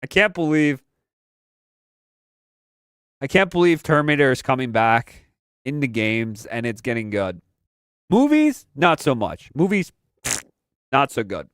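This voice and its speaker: A young man talks loosely through his live stream, looping back on his own phrases and throwing in slang. His voice is smooth and clean, set close to a dry mic with no room sound around it. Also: medium pitch, big pitch swings, unhurried, long pauses, no room sound. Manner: rambling, repeats phrases, slangy. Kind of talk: casual pop-culture commentary.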